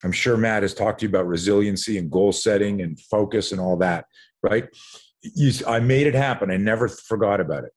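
This man's voice is on the low side and fairly quick. He's a podcast guest from Canada in his sixties who tells lively stories, performing others' dialogue and often doubling back on words mid-sentence.

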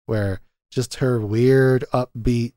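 Brief: male podcast host, mid-pitched, laughs a lot, dry close sound, acts out scenes in his retelling. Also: steady tone, slow pace, warm tone, dry recording. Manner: chatty, laughs often, acts out quotes from scenes. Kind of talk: casual film-discussion chat.

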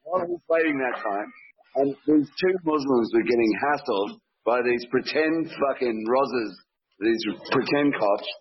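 A man's voice: medium pitch, a little slow, husky, lo-fi sound. A man telling his side of a story in a casual chat, blunt and swearing a lot.

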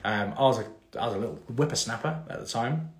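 A man's voice: medium pitch, fast talker, a little hiss or hum. A man, hosting a casual live-stream Q&A about mortgages and rambling through fillers and restarts. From England. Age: 30s. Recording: echoey room.

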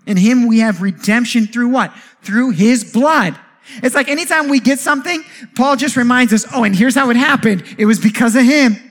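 High-pitched man, pastor preaching, animated, joking asides, rhetorical questions. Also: a little fast. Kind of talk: sermon.

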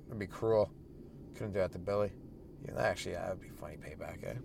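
A man's voice: deep voice, fairly quick, vocal fry, noisy background. A man hosting a podcast as a stand-up comedian, riffing crudely and rambling through jokes in a casual monologue.

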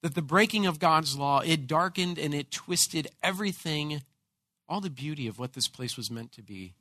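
Bright-voiced high-pitched preacher man. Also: normal speed, no echo. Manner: animated storytelling, frequent word repeats. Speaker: pastor. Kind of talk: sermon with personal storytelling.

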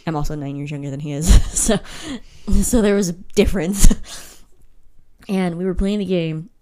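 A woman's voice: lowish voice, normal speed, smooth. A young woman co-hosting a podcast, chatting casually and telling stories with laughs and acted-out voices. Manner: animated storyteller, laughs often, acts out voices. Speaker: podcast co-host. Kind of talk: casual chat.

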